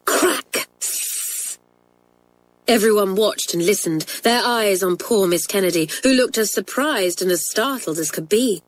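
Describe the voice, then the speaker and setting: A woman reads a children's story aloud at a medium pitch. Her narration is measured and expressive. The delivery is a clear, steady storybook reading. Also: low-quality recording.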